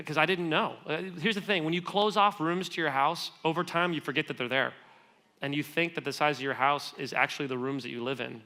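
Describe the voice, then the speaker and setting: A man's voice: mid-range voice, vocal fry, sharp tone. A man, giving a conversational, self-deprecating sermon as a guest speaker and acting out the dialogue in his stories. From United States. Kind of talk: storytelling sermon. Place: church auditorium.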